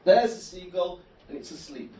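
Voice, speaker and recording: A man doing a stand-up comedy set in a club, telling absurd stories deadpan. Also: sits high, normal speed. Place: comedy club bar room. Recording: echoey club room from a distant mic.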